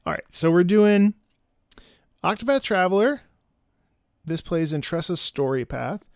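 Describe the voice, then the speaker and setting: A chatty man hosting a casual reaction video from home, reading out viewer requests. His voice sits a little high with a gravelly, fry-laced edge. The sound is dry and close, with no room around it. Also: animated, a little slow, darkish tone, dry recording.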